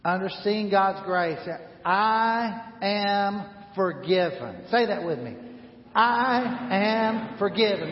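A man in his sixties preaching a sermon, leading the congregation in repeated phrases and telling a story with rising emphasis. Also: a little high. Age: 60s. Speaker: pastor. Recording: roomy hall reverb, slightly dull sound.

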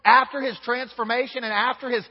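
Male pastor, high husky voice, chatty sermon delivery; dull recording with a long church echo. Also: steady tone, fairly quick. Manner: conversational, addresses the congregation directly with playful asides.

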